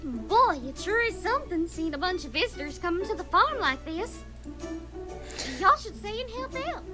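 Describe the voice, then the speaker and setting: A woman's voice: very high-pitched, very animated, normal speed. A woman voicing a chatty, eager little farm filly in a cartoon game. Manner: blabbering, folksy. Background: game music.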